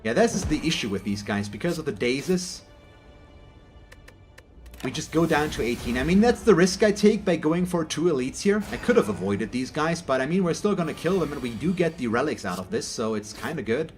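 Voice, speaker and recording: German-born male gaming host, slightly high voice, chatty and meandering, faint music behind. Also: expressive, fairly quick. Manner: rambling, self-correcting, chatty. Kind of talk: casual gameplay commentary.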